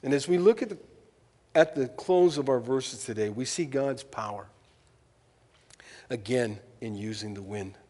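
Male preacher, mid-pitched voice, reads scripture with casual joking asides, long hall reverb. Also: a little slow, long pauses, mellow. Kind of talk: sermon with scripture reading.

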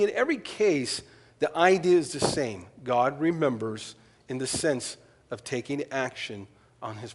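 A man preaching a sermon as pastor, telling stories with lively quoted asides and shifting between loud and soft delivery. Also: mid-range voice, long reverb tail. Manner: storytelling, animated asides and quoted voices.

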